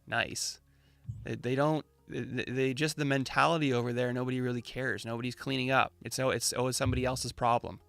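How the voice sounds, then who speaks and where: A man's voice: mid-range voice, steady tone, a little fast, gravelly, a bit bright, clear, resonant tone, no room sound. A man hosting a casual, opinionated chat, ranting in slang and mocking the voices of the people he quotes. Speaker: crypto channel host.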